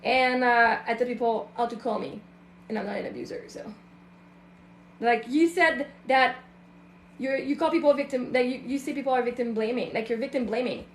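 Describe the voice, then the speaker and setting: A woman's voice: fairly high pitch, moderate pace, reverberant, a little hiss or hum. A woman, a self-love and mindset coach, talking casually and emphatically to her online audience. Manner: emphatic, acts out other people's voices.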